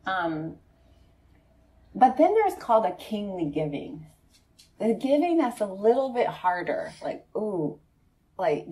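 Laughing woman meditation teacher. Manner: conversational, laughing often, frequent "right?" to the audience; animated storytelling, voicing friends in a high excited tone. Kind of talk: dharma talk to a live group.

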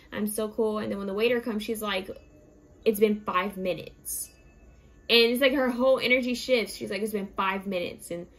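A woman talks her viewers through a tarot card reading in an easy, chatty way. She gives spiritual advice earnestly, and her mid-range voice has a gravelly fry. A faint hiss sits under the recording. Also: mid-range voice, rough recording. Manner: chatty, addresses viewers as "you guys".

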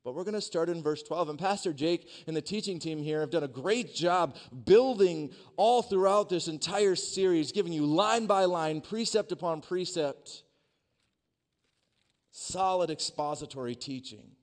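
A man preaching a sermon, telling a personal story in a dynamic way that swings from hushed to loud. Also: on the high side, normal speed. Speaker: pastor. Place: church sanctuary.

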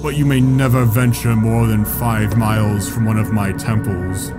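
A man putting on Aslan, a grave booming lion. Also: fairly even intonation, loud music behind the voice, natural voice. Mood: grave menace. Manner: slow, grave, menacing pronouncements. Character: Aslan, a booming lion god in a stage play.

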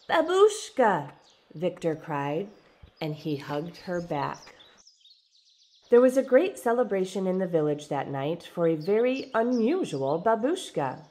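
A woman reading a children's storybook aloud in an expressive, dramatic way. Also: on the low side. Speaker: storybook reader.

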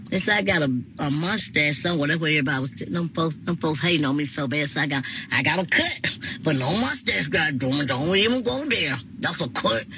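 A woman's voice: lowish voice, noisy background. A woman, chatting casually with viewers as she reads out their comments, laughing often and talking back to them. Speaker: live-stream host reading viewer comments. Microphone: phone.

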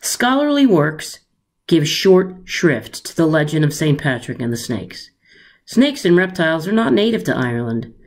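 A teacher reading a children's story aloud in an expressive, unhurried way. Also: female voice, sits low.

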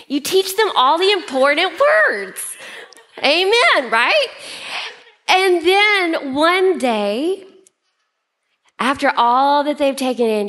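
A woman pastor preaching a sermon in an animated way, often shifting pace and pitch. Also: slow.

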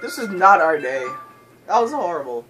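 A man hosting a casual co-op gameplay commentary, excitable and swearing a lot, yelping and laughing at mishaps. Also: sits high, moderate pace, low-quality recording. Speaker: gaming channel host. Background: loud game music.

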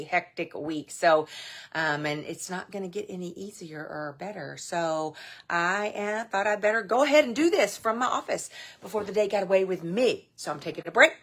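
A woman's voice: fairly low pitch, a bit bright. A woman hosting a ministry's weekly hymn, chatting casually and a little frazzled from her office before she sings.

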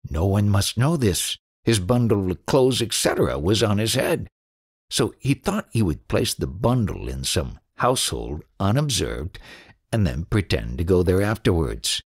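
A man narrating spiritual stories in an audiobook with an expressive reading. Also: low-pitched, unhurried, breathy edge. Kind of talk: storytelling narration.

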